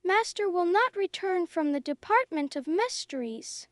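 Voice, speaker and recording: A woman's voice: very high voice, lively intonation, unhurried, no room sound, clean studio sound. A woman reading the lines of a spiteful male house elf servant in a storybook, gleeful and sly. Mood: gloating.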